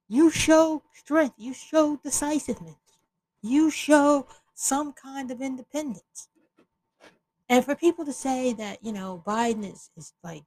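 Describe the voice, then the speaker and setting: A woman's voice: fairly high pitch, darkish tone, no room sound, low-quality recording. A woman hosting an opinion podcast, talking bluntly and with exasperation, often restarting her sentences. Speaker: podcast host.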